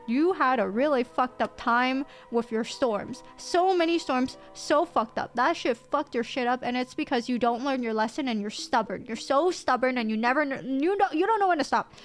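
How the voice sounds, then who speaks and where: A woman streamer in casual live-stream chat, excitable and swearing freely. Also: sits high, moderate pace, faint music behind.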